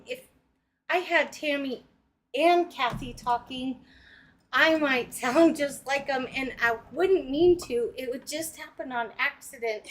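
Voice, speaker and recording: A woman co-hosting a casual livestream, playful and teasing, laughing as she talks. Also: sits high. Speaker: visiting co-host. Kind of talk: casual live-stream chat.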